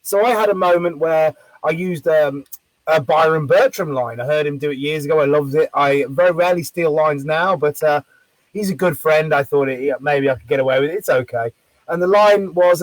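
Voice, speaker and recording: Animated man telling a street-show story. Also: on the high side, fairly quick, no echo, rough recording. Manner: animated, acts out quoted voices loudly; swears freely. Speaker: street performer. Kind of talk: storytelling in casual chat.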